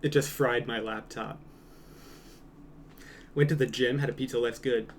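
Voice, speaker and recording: A man's voice: mid-range voice, steady tone, measured pace, background noise. A young man, a streamer, chatting casually and reading comments aloud with a joking, rambling manner that trails off into mumbles.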